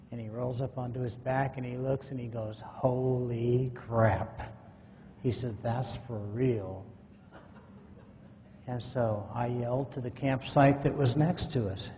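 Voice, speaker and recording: A man speaking at a conference, telling a personal story in a folksy way and acting out the dialogue as he goes. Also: dark tone. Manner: folksy, acts out quoted dialogue. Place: conference hall. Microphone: microphone at a podium or in hand. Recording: echoey hall, faint noise, low-quality 2009 recording.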